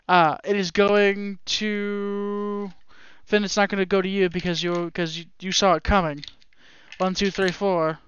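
A game master narrating a tabletop game, halting and full of restarts. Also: medium pitch, fairly bright tone, clean tone, dry recording, lo-fi sound.

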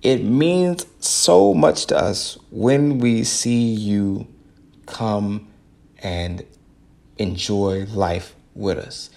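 Gravelly, earnest man, podcast monologue. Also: on the low side, drawn-out words, warm tone. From United States. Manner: earnest, preachy, repeats phrases for emphasis. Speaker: podcast host. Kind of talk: casual solo podcast monologue.

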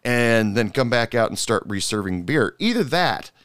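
A man's voice: mid-range voice, big pitch swings, normal speed, fairly bright tone, no room sound, studio quality. A middle-aged man hosting a podcast and telling casual stories about bartending. He talks animatedly with frequent fillers, and his voice jumps up sharply when he gets annoyed. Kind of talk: casual storytelling monologue.

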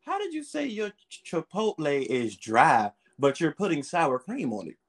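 A man's voice: fairly high pitch, huge pitch swings, moderate pace. A man hosting a podcast in casual chat, teasing his friend and laughing often in loose, slangy talk. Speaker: podcast host.

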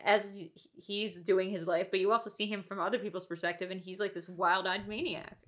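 A woman's voice: mid-range voice, steady tone, brisk, a bit bright. A woman co-hosting a podcast, giving strong opinions in casual chat with lots of filler words. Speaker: podcast co-host.

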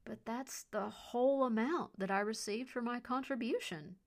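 A woman's voice: medium pitch, moderate pace, natural voice. A narrator voicing a weary, dry-spoken woman. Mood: exasperated. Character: exasperated woman scholar.

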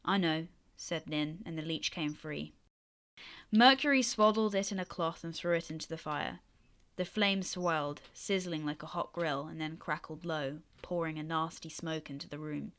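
Woman reading her own story, low but bright voice, steady pace. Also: moderate pace. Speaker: author and reader.

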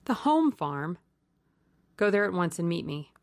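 A woman voicing a young English gentleman who talks languidly, then sharply and urgently. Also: fairly low pitch, big pitch swings, a little slow, dry recording.

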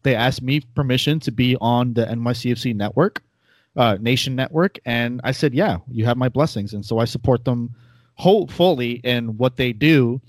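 With a nasal, mid-range voice at a moderate pace, a former host rambles casually as a podcast guest, often putting himself down. The recording is dry.

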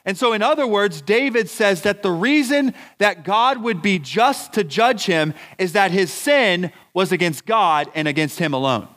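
A man preaching a sermon as pastor, deliberate and emphatic, asking his congregation rhetorical questions. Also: high-pitched, lively intonation, fairly bright tone. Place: church.

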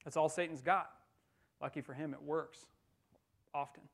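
A pastor giving a sermon in a conversational way, with wry humor, in a church. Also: male voice, fairly high pitch, steady tone, moderate pace, gravelly, fairly bright tone.

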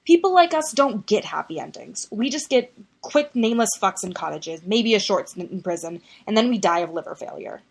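A woman's voice: mid-range voice, lively intonation, a little fast, few pauses, slightly rough. A woman voicing a guarded, sarcastic young man in an audiobook reading of a story. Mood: bitter. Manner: sarcastic, tense.

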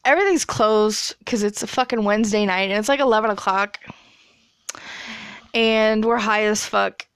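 A woman's voice: medium pitch, moderate pace, clear, resonant tone, no echo, clean studio sound. A woman in her twenties casually telling a story, chatty and profane, laughing as she goes. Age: 20s.

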